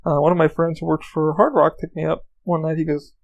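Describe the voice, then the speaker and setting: A man's voice: fairly high pitch, flat delivery, brisk, vocal fry, dull audio. A man hosting a podcast, telling rambling, profane anecdotes in a casual monologue. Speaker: podcast host.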